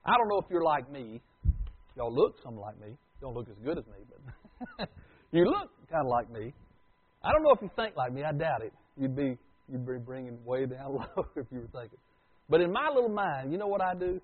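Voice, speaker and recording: A man preaching a sermon as pastor, swinging from loud declarations to hushed asides. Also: medium pitch, very animated, fairly quick, slightly rough. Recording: tinny phone-like recording.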